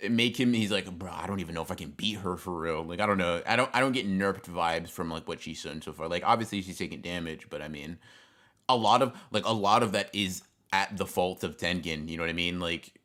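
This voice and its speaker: A man's voice: low-pitched, a little fast, pushed and bright. A man co-hosting a stream in casual chat, rambling with many fillers and swear words. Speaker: stream co-host.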